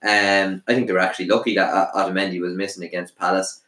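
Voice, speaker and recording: Opinionated man, low voice. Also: flat delivery, fairly bright tone. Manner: opinionated, lists players rapidly. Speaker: podcast co-host. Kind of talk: casual sports podcast chat. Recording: roomy echo.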